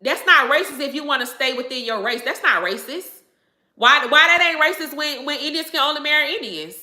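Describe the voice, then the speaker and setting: Emphatic woman with a bright voice. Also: high voice, fairly quick, echoey room. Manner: emphatic, repeats phrases, laughs often. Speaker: livestream host answering viewers. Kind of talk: casual livestream chat.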